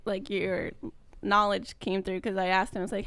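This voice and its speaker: A friendly woman co-hosts a casual podcast, chatty and loose with her fillers. Her voice is smooth and resonant at a middle pitch, in a dry close recording. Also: steady tone, normal speed, a bit bright, no room sound. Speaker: podcast co-host. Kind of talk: casual chat.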